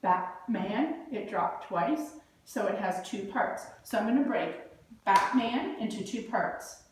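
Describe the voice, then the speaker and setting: Lady teacher walking kids through a reading lesson, slow and patient, mic kinda far off. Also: mid-range voice, animated. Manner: slow, patient, sounding out word parts. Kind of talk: early reading lesson for children. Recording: echoey room, voice from afar.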